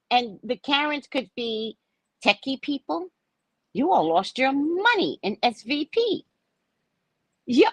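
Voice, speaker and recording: A sarcastic woman from New York gives a tarot reading on a live stream. She talks slowly, and her pitch swings widely as she lingers on each point. Her voice is close and dry, with no room sound around it. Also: breathy edge, no echo. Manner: sarcastic, laughs at her own jokes. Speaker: psychic tarot reader.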